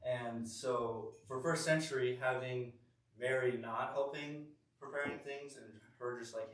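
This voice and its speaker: A young man leading a youth group sermon in a church room, chatty and rambling with many self-corrections. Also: mid-range voice. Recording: echoey room, distant mic.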